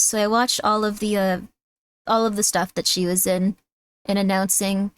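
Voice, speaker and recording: A woman's voice: medium pitch, fairly even intonation, normal speed, dry recording. A woman streamer chatting casually and rambling with self-deprecating jokes while reacting to videos.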